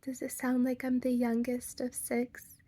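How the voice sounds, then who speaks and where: A woman's voice: fairly high pitch, monotone, unhurried, dark tone. A young woman with an American Valley girl accent, talking casually to camera, full of "like" fillers, playful asides and half-whispered lines. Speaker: vlogger.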